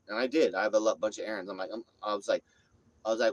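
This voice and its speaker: Dude telling a crude story, rambling, swearing, lots of animated bits. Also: male voice, medium pitch, fast, no echo, rough recording. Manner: rambling, profane, animated retelling. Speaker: vlogger. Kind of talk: casual storytelling.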